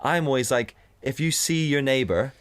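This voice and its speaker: A man in his thirties from the UK, co-hosting a casual podcast chat, telling rants in a sweary, animated way. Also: medium pitch, normal speed. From United Kingdom. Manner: sweary, animated storytelling with mocking put-on voices. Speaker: podcast co-host.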